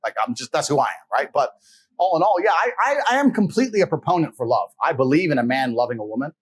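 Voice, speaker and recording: A man's voice: fairly high pitch, very animated, fast talker. A man being interviewed, telling stories in a blunt, profane, casual way and acting out the people he quotes. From England. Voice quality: husky. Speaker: interview guest.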